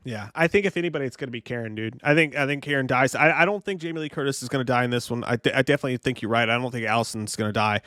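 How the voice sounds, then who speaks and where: A man co-hosting a casual podcast chat, excitable and profane, full of fillers and restarts. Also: medium pitch, rapid-fire, few pauses, no room sound, clean studio sound. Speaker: podcast co-host.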